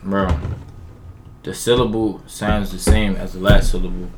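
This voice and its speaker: A man's voice: low voice, flat delivery, unhurried, heavy background noise. A young man in casual banter, freestyle rhyming and insistently arguing his point. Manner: argumentative, insistent. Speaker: group member in rap game.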